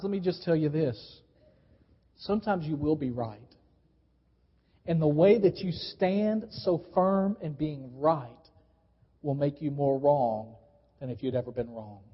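Male pastor, high voice, emphatic sermon delivery that gets the congregation to respond, reverberant hall, muffled live recording. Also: breathy edge. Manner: emphatic, repeats key phrases, coaches the congregation to respond. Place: church sanctuary. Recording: dull live church recording with long reverb.

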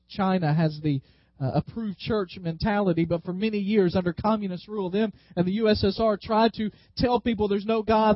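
A pastor with a high tenor preaches a sermon, slowing down and stretching his words to drive each point home. He leads the congregation in call-and-response, having them repeat lines back to him. The audio is dry and a bit dull, like a modest church recording with no echo.

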